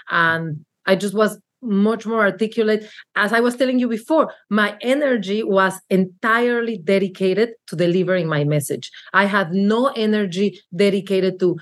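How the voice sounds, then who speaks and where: A woman in her forties speaks with a Mexican Spanish accent in a candid interview. She is earnest and reflective, starts sentences over and fills gaps with "like" and "uh." Her pitch sits in a middling range for a woman. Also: moderate pace. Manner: earnest, reflective, with frequent fillers and restarts. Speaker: marketing executive guest.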